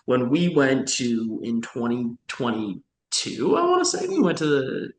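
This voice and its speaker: A young man co-hosting a podcast, reviewing albums in a measured, analytical way with frequent restarts. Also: medium pitch, wildly swooping pitch, echoey room, a little hiss or hum, rough recording. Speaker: podcast co-host. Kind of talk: casual music review chat.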